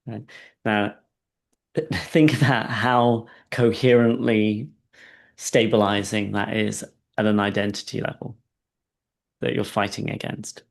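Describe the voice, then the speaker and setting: A man with a gravelly, creaky voice leads a client through a coaching session in a slow, soft, guiding tone. He keeps checking in with short questions and laughs lightly between points. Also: lowish voice. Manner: calm and soft-spoken in guidance, animated when telling stories.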